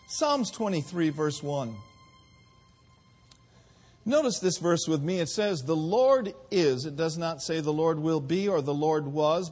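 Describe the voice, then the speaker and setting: A man preaching a sermon in a church, with call-and-response and drawn-out emphasis. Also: on the high side, slightly rough.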